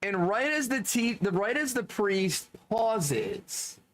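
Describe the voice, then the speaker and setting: A man streaming, telling casual anecdotes in an animated way, laughing often and swearing freely. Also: sits high, slow. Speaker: streamer reading chat.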